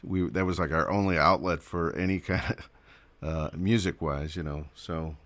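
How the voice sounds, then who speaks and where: Laid back radio host guy, really low voice, dry close sound, lots of uh's. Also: steady tone, moderate pace, a bit bright, dry recording. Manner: easygoing, filler-heavy, chuckles often. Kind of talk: casual on-air chat.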